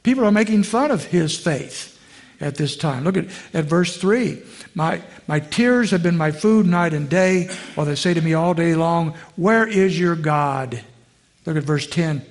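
A man preaches a sermon in a voice that sits a little high for a man. He keeps it conversational and often asks the congregation questions. On the heavier phrases he sinks lower and softer. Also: animated, a little slow. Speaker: pastor.

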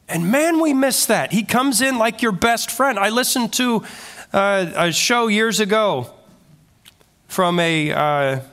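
A male pastor preaching a sermon in an animated way, full of rhetorical questions. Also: sits high.

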